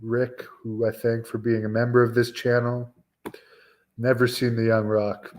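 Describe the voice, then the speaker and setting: A man's voice: mid-range voice, flat delivery, unhurried, a little mellow. A man in his forties hosting a wrestling talk stream, chatting casually with viewers in a rambling way, full of fillers and restarts. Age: 40s. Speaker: wrestling show host. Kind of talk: casual live-stream chat answering viewers.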